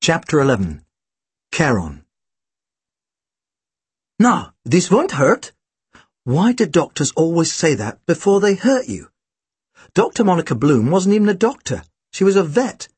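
A man's voice: a little high, husky, dry recording. A man reading a first-person storybook aloud with a dry, wry delivery. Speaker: audiobook narrator.

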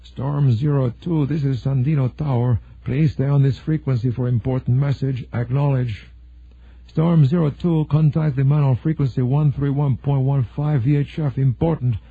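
A man voicing a curt male air traffic controller with a thick Spanish accent, reading clipped radio instructions in a husky voice. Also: mid-range voice, fairly even intonation, normal speed, dry recording, pitched above the performer's own voice. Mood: stern. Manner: clipped radio procedure, demanding. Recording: narrow phone-like sound.

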